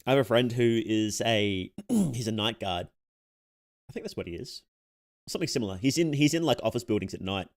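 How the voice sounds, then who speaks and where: A young male VTuber chats casually with his viewers while playing a game. His pitch moves around a lot. He laughs often, reads messages aloud and trips over his sentences before restarting them. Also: expressive, a little fast. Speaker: VTuber streamer. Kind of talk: casual live-stream chat.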